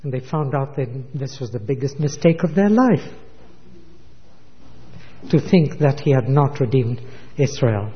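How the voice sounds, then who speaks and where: A man's voice: mid-range voice, expressive, a little slow, pauses often, long reverb tail, highs cut off. A man preaching a sermon, retelling stories and quoting voices with feeling. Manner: storytelling with acted quotes.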